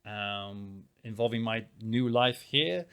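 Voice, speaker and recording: A man's voice: fairly low pitch, slow, smooth. A man co-hosting a podcast, chatting casually and telling rambling stories with lots of fillers. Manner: rambling, animated storytelling with many fillers. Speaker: podcast co-host. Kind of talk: casual chat. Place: small town in Spain.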